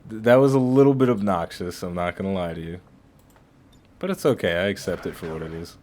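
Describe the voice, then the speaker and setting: A man with a low voice gives casual let's-play commentary over his game. He rambles in a chatty way and often restarts his phrases mid-sentence. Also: expressive, brisk, a little mellow. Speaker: gaming channel host.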